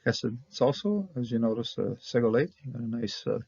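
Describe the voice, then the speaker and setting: A man teaching Bible Hebrew verse by verse, halting with fillers and checking in with "okay?", on a dull lo-fi recording. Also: medium pitch, animated, darkish tone, slightly rough, dry recording. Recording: dull lo-fi sound.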